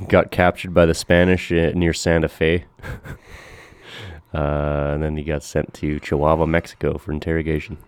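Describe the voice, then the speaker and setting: Male co-host, very low voice, dry close sound; loose, sweary banter. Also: flat delivery, clear, resonant tone, no room sound. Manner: profane, joking, quick history asides with silly voices. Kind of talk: casual chat.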